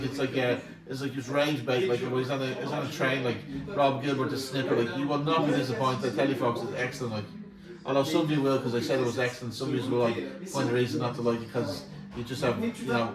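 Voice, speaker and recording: A man in his forties rambles through a casual podcast chat, circling back and repeating himself. He sits a little away from the mic in a roomy, echoing space, with people chattering in the background. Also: medium pitch. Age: 40s. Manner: rambling, repeats words, animated storytelling. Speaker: podcast co-host. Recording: echoey room, mic at a distance.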